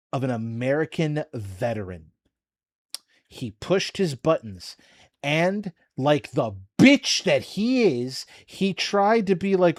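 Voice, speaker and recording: A man's voice: medium pitch, dry recording. Profane ranting man, dry close mic. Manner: profane, heated, sarcastic. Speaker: commentary video host. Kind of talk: casual commentary rant.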